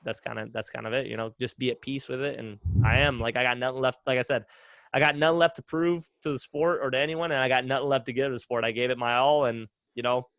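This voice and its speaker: A young man chatting on a podcast in an easygoing, rambling way, full of fillers and little re-enacted conversations. His voice sits at an ordinary pitch, and the sound is close and dry, with no room around it. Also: fast, dry recording, lo-fi sound. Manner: relaxed storytelling with many fillers, acts out quotes. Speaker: guest, retired runner. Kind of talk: casual podcast chat.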